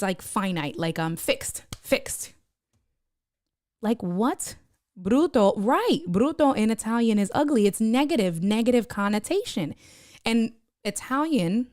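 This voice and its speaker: A woman chatting on her live stream, telling a lively story, laughing often and reading viewer comments aloud. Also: mid-range voice, no room sound, studio quality. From United States. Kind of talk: casual live-stream chat.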